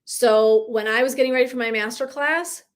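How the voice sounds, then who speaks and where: A woman in her thirties speaks as a wellness coach on a live stream, slightly high-voiced and lively. She talks casually and animatedly, swearing lightly and laughing often. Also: a little fast, a little hiss or hum.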